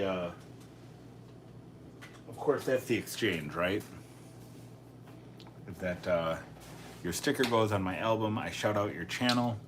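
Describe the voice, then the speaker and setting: A man's voice: on the low side, slight background noise. A man hosting a casual live stream, chatting and thinking aloud as he sorts coins, often correcting himself. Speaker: coin collecting channel host.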